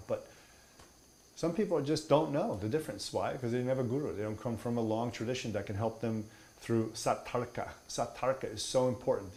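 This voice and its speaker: A man's voice: medium pitch, darkish tone. A man teaching meditation in an emphatic, playful way, mixing in humor and mockery. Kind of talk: spoken teaching.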